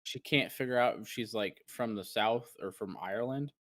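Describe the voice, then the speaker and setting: A man's voice: fairly low pitch, moderate pace, fairly bright tone, dry recording. Guy rambling on a podcast, lots of restarts, dry close mic. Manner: rambling, many restarts, acts out his own reactions. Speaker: podcast co-host. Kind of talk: casual chat.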